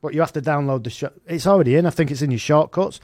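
A man's voice: on the high side, rapid-fire, darkish tone, no echo, clean studio sound. A man co-hosting a podcast in casual, jokey banter, swearing freely. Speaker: podcast co-host.

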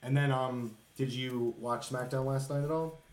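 A man chatting casually on a podcast, excitedly rambling about wrestling shows. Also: mid-range voice, normal speed. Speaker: podcast co-host. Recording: echoey room.

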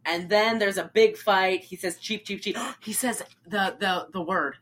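Bright, animated woman retelling a film. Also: medium pitch, measured pace, slight background noise. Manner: animated, acts out lines in funny voices, laughs often. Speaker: podcast co-host recapping a film. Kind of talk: casual chat.

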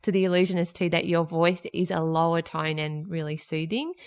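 A woman's voice: lowish voice, steady tone, a little fast, clean tone. Chatty woman podcast host in her thirties. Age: 30s. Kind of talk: casual chat.

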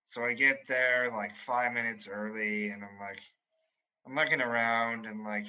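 A man's voice: medium pitch, fairly even intonation, measured pace, pushed and bright, dull audio. A man co-hosting a casual chat, telling a rambling story full of swearing and laughter. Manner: rambling, swears a lot, laughs through stories. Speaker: storyteller co-host.

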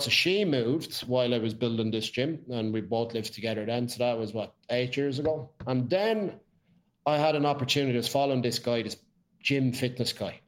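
An Irish man, a podcast guest, telling his life story in casual chat, blunt and swearing freely. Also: medium pitch.

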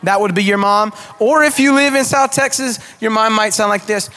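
High-voiced chatty male pastor. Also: measured pace. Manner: chatty, self-deprecating, animated. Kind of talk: sermon. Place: church auditorium.

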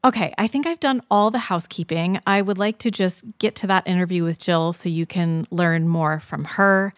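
A woman's voice: fairly low pitch, moderate pace, no room sound, clean studio sound. A woman hosting a podcast interview, effusive and enthusiastic with her guest. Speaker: podcast host.

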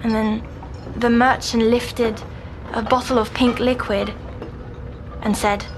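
An actress playing a haunted young woman patient in an audio drama, recounting a nightmare in a hushed, halting, often whispered voice. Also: on the high side, little pitch movement. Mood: urgent recall. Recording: noisy background hum.

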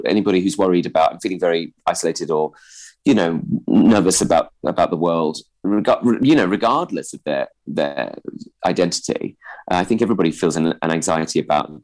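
Brief: thirties male comedian, posh voice, lowish pitch, halting and self-correcting. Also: animated, a little mellow, low-quality recording. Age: 30s. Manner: hesitant, many restarts and fillers; posh-sounding voice. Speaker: guest; stand-up comedian. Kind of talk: radio interview chat.

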